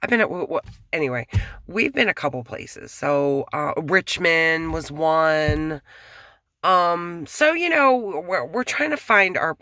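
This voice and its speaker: A woman vlogging casually from her apartment, rambling and frank, swearing and sometimes dropping to a hush. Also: sits low, very animated, slow, dry recording, clean studio sound. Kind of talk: casual talk to camera. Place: apartment at home.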